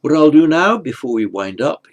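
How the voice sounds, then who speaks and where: A man teaching Sanskrit grammar in an online lesson, explaining slowly and carefully and correcting himself as he goes. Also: a little high, very animated, dull audio.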